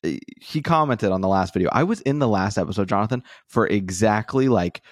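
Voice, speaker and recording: A man's voice: fairly low pitch, lively intonation, a little fast, no echo, clean studio sound. A man in his thirties co-hosting a casual sports podcast, talking in a rambling, self-deprecating way with many fillers. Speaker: podcast co-host.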